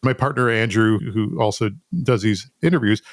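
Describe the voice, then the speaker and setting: A man hosting a podcast interview, asking relaxed, conversational questions and chiming in with short acknowledgments. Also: fairly low pitch, normal speed, no echo, studio quality. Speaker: podcast host.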